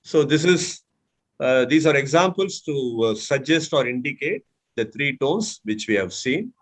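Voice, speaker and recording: Patiently showing tones by example, a speech mentor with an Indian English accent guides a speaking class through an online session over a video call. His medium-pitched voice has lively intonation, and he speaks a little slowly.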